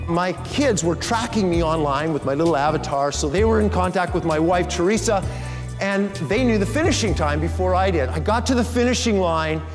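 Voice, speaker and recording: A middle-aged man delivers a motivational story on stage, his voice sitting high for a man. He acts out the lines he quotes with animated energy. The sound rings through a large reverberant hall with faint music underneath. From Canada. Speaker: keynote speaker.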